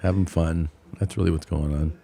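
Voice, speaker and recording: A man in his forties co-hosting a podcast, telling a story casually and acting out other people's lines in high, squeaky voices. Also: fairly quick. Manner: animated, acts out quotes in high voices. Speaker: podcast co-host.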